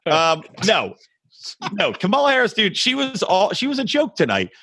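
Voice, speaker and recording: A man's voice: sits high, wildly swooping pitch, normal speed, a bit bright, slightly rough, dry recording, clean studio sound. A man hosting a podcast, ranting profanely in drunken political banter. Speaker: podcast host.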